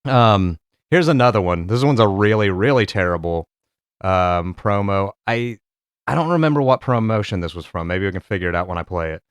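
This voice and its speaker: A man's voice: on the low side, animated, a little fast, clean tone, dry recording, clean studio sound. A young adult man hosting a wrestling reaction show, chatting casually and joking. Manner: joking, laughing, mocking impressions. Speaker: host.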